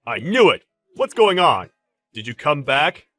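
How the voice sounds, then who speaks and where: A man playing a clueless cheating ex-husband, brash and quick to get defensive. His voice is bright and sits fairly high, swinging widely in pitch as he protests. Faint music runs under this audio drama. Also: very animated, no room sound, heavily acted.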